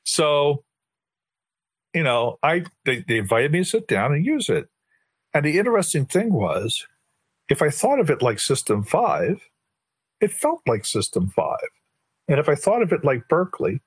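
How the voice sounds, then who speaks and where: An older man with a husky, slightly rough voice tells a long story to a podcast host, playing out each person's lines as he goes. The sound is dry and close, with no room echo. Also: medium pitch. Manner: lively storyteller who acts out quoted dialogue. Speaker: guest, board chair of a tech body. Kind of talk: casual anecdotal storytelling.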